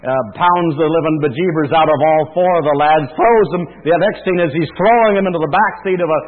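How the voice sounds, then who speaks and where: A man's voice: on the high side, a little fast. A male pastor preaching a sermon in a folksy, conversational storytelling manner. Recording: thin phone-like sound in a reverberant hall with mains hum.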